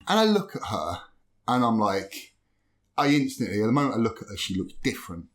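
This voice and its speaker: A man telling a story in casual podcast chat, animated and swearing, acting out what people said. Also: fairly low pitch, brisk. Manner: animated, swearing, acts out quoted voices. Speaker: podcast guest.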